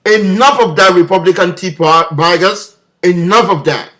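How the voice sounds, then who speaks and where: A man's voice: sits high, moderate pace, fairly bright tone. A man delivering an impassioned political video message, leaning on repeated rhetorical questions. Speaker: political commentator.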